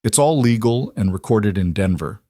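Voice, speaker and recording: A man voicing a quiet young cowboy stranger who stays calm and measured even when threatening. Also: on the low side, no room sound, studio quality.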